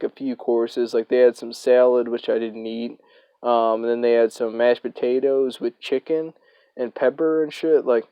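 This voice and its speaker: Rambling young man, mellow voice. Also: medium pitch, no echo. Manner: rambling, profane, filler-heavy. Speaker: storyteller. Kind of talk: casual storytime vlog.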